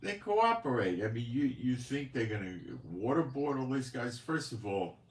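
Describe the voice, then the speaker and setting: A man's voice: medium pitch, moderate pace, echoey room. A man hosting his own channel, giving casual spoken commentary in a rambling, conversational way with many asides and rhetorical questions. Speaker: channel host. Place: home studio in Israel.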